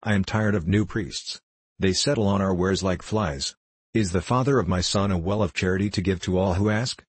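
A grumbling market woman scolds and complains sharply, as a man reads her in an audiobook. The voice stays low and husky, close and dry. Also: moderate pace, no echo. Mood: angry. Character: fretful scolding female vegetable seller. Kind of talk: audiobook character reading.

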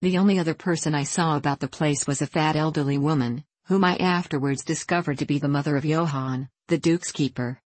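Low-voiced woman narrating an audiobook. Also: no room sound. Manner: measured, even storytelling. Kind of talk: scripted narration of a classic novel.

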